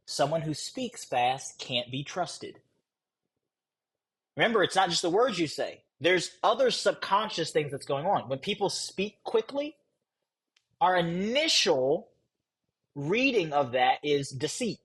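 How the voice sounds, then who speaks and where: A young man teaches a live sales class in a husky, slightly rough voice. His pitch rises and falls a lot as he talks. He is blunt and conversational, and he changes his tone and speed on purpose to drive his points home. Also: very animated, fairly bright tone. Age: young adult. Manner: deliberately shifts pace and tone, blunt and conversational. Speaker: sales coach. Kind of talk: teaching a live course session.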